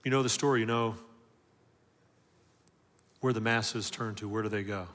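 A man preaching a sermon with emphatic call-and-response questions, swinging from loud, driving lines to hushed ones. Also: medium pitch, lively intonation, a little slow, long pauses, long reverb tail. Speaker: pastor.

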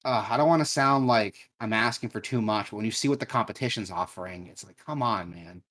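A young man co-hosting a gaming news podcast in casual chat, swearing freely and telling stories with lively energy. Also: medium pitch, fast talker. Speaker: podcast co-host.

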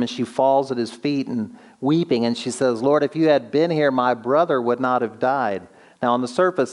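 A man preaching a sermon, earnest, asking the listener questions and slowing down to stress key words. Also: mid-range voice, darkish tone. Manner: earnest, slows down for emphasis, asks rhetorical questions. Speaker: pastor.

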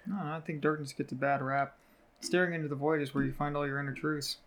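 A man as a guest on a casual podcast, making dry, deadpan jokes. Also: on the high side, quick pace. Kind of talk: casual chat.

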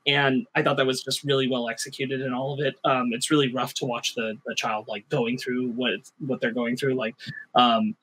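A man co-hosts a casual podcast chat, slightly husky in tone. He talks things through thoughtfully and now and then reads passages aloud. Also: medium pitch, flat delivery, normal speed, fairly bright tone, low-quality recording. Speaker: podcast co-host.

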